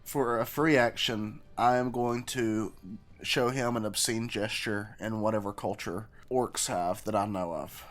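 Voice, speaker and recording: A man's voice: on the low side, steady tone, a little slow. A man playing a tabletop game, joking and playful as he describes his character's actions. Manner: jokey, playful. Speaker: player.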